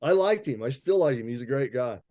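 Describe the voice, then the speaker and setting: Mellow-voiced man telling a lively story. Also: mid-range voice, brisk, no room sound, studio quality. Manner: animated storyteller, laughs often, acts out quoted voices. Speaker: guest, herbalist. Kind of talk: storytelling in a casual interview.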